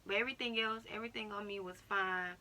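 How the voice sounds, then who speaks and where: Bright-voiced young woman telling a story. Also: medium pitch, quick pace. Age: young adult. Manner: animated retelling, acting out other people's words. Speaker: vlogger. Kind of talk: storytime vlog.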